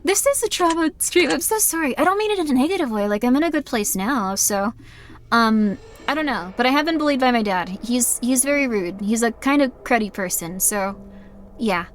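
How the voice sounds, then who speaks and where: A woman's voice: a little high, lively intonation, fairly quick, slight background noise. A young adult woman chatting on a live game stream, rambling candidly, apologizing often and filling her talk with "like". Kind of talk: casual live-stream chat.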